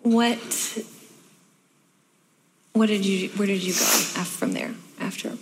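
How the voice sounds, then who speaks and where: A woman hosts an interview in a soft, sympathetic voice. She offers gentle questions and short affirmations. Faint noise sits under her lines. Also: medium pitch, slow. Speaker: podcast host.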